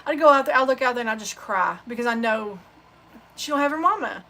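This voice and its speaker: A woman hosts a sewing channel livestream and chats in a loose, rambling way. Her stories come out heartfelt and unpolished. Her voice sits a touch high and sounds bright and forward. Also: animated, fast, slight background noise. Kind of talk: casual livestream chat.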